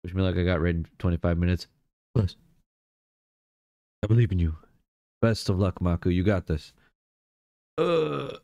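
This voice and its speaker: A man's voice: deep voice, lively intonation, normal speed, gravelly, long pauses, mellow, no room sound, muffled recording. A man streaming live, chatting casually and greeting viewers one by one. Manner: chatty, greets viewers by name, laughs easily.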